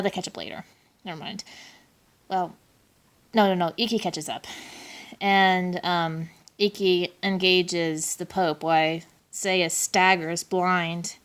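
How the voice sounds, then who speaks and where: Woman rambling through a plot recap. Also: lowish voice. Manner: rambling, self-correcting, laughs often. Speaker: anime reviewer.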